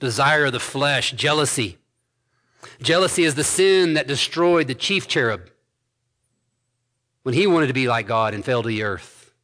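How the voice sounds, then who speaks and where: A man preaching an expository sermon, building to emphatic points with quick asides. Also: medium pitch, expressive, a bit bright. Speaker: pastor.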